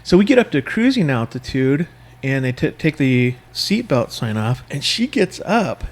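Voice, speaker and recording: A man hosting a casual podcast, spinning an anecdote with lively energy. He acts out the people in his story and drops to a hushed whisper for the punchlines. His voice sits at a middle pitch for a man. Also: normal speed. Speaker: podcast host.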